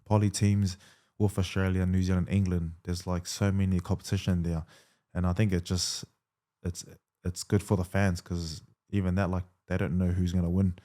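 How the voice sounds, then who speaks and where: Deep-voiced man telling a laid-back story. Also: moderate pace. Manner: relaxed, lots of fillers and quoted dialogue. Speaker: guest rugby league player. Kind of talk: casual storytelling interview.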